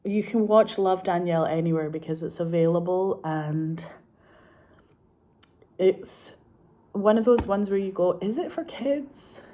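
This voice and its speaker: A middle-aged Scottish woman with a Glaswegian accent, a film director chatting to camera in a rambling, excitable way, swearing freely and laughing often. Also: on the low side, a little slow, pauses often. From Scotland. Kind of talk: casual chat to camera.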